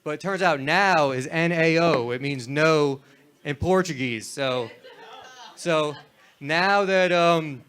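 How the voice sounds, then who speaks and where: A man's voice: a little high, takes it slowly, a bit bright. A young man from Florida doing a rambling, crude stand-up set on a club stage. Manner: laid-back, rambling, crude. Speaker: stand-up comedian.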